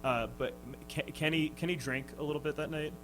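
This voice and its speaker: A man's voice: on the high side, fairly even intonation, brisk, noisy background. A young man, a touring musician, telling stories in a casual radio interview, hesitant and laughing. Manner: hesitant, lots of fillers and restarts, laughing. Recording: radio studio with music underneath.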